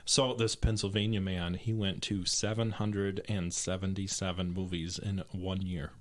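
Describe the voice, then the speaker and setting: A man's voice: low-pitched, little pitch movement, normal speed. A man co-hosting a podcast in casual chat, laid-back as he brings up odd news items. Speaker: podcast co-host reading news stories.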